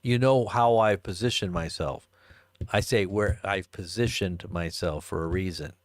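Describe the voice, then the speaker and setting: A man's voice: deep voice, unhurried, no echo, clean studio sound. A man hosting a live stream, rambling in a casual, joking way and chuckling as he answers chat. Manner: rambling, chuckling, jokey asides.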